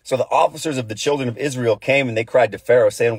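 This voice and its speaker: Male Bible study host, casual and conversational, slangy retelling of scripture; husky tone, dry close sound. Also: medium pitch, fast, a little mellow, no echo. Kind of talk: casual devotional Bible teaching.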